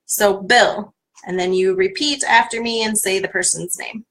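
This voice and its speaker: A woman's voice: medium pitch, steady tone, moderate pace, fairly bright tone, low-quality recording. A woman coach guiding listeners through a tapping exercise on a live stream, repeating a name again and again for them to follow.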